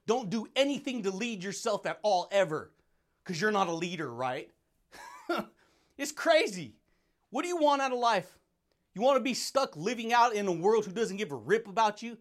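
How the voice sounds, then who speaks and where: A young man delivers a fired-up motivational monologue in a fairly high voice. He is brash and intense, laughs often, and keeps calling the listener dude and buddy. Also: fairly bright tone. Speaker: podcast host.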